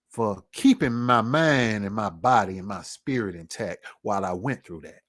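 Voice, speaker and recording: A man vlogging a personal testimony in an earnest, reflective storytelling manner, casual in speech and at times dropping to a near hush. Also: on the low side, animated, a little slow.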